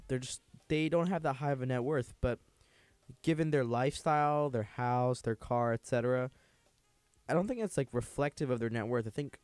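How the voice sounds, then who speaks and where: A young man on a student radio show who speaks in measured, wordy phrases. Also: medium pitch, a little mellow, smooth, no echo. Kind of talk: casual panel discussion.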